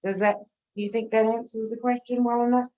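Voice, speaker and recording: A woman's voice: a little high, level tone, fairly quick, a little mellow, highs cut off. A woman teaching an informal gardening class, chatty and answering questions, often checking in with "okay?".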